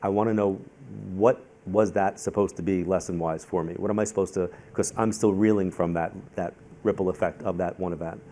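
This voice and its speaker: Fast-talking deep-voiced man. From Long Island, New York. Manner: animated storyteller, acts out quoted voices; talks fast and repeats himself when in the zone. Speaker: psychic-medium guest. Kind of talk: live onstage conversation.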